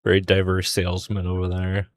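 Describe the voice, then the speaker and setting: Young male artist on stream, deep gravelly voice, loose rambling chat. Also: completely flat delivery, a little fast, dry recording. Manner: rambling storytelling with many fillers. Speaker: artist streaming a drawing session. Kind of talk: casual chat while drawing.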